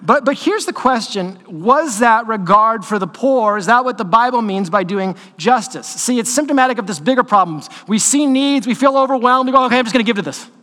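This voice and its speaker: Male pastor, high voice, animated conversational sermon, live in a reverberant church. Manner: conversational, animated storytelling with quick asides. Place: church sanctuary. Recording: long hall reverb in a church.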